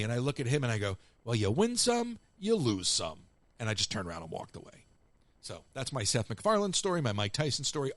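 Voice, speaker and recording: With a medium-pitched voice and no room sound, this male host of a live call-in show tells animated, casual anecdotes to callers and acts out what others said.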